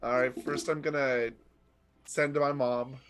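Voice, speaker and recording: A man playing in a tabletop game who chats in a relaxed way about his character's messages. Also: mid-range voice, unhurried. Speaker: player. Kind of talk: casual tabletop play.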